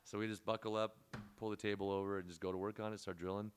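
A man's voice: lowish voice, flat delivery, fast, a little hiss or hum. A man hosting a podcast, telling a long story in a rambling, laid-back way with lots of fillers. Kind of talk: casual storytelling chat.

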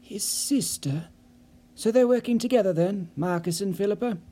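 A man's voice: sits high, normal speed, mellow, pitched above the performer's own voice. A man voicing a nervous, fretful office worker in an audiobook, pleading and apologetic in manner. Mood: anxious. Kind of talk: audiobook character voice.

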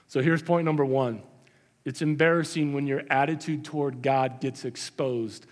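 A man preaching a sermon as pastor, conversational with emphatic repetition. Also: mid-range voice. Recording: long hall reverb.

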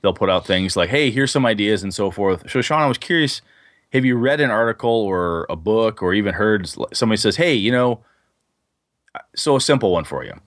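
A low-voiced man co-hosting a casual gaming podcast. He rambles through long stories, full of fillers and restarts. The sound is dry and close, with no room in it. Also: fairly quick, no room sound. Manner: rambling, animated storyteller with many fillers. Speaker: podcast co-host. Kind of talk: casual podcast chat about tabletop gaming.

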